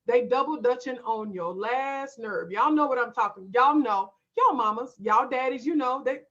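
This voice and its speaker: A woman's voice: fairly high pitch, normal speed, fairly bright tone, highs cut off. Emphatic woman hosting a live stream. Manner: emphatic, direct, addresses viewers as y'all. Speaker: homeschool coach and live-stream host. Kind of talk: live-stream talk reading viewer comments.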